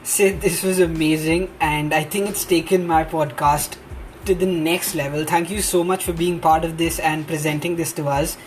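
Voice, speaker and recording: A man hosting a podcast, thanking his guest and listeners casually, with frequent pauses and fillers. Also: on the high side, fairly even intonation, faint music behind. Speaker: podcast host.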